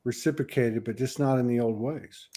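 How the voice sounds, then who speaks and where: Male host, mellow dark voice, quick affirming interjections and reflective asides. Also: mid-range voice, fairly even intonation. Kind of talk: casual interview chat.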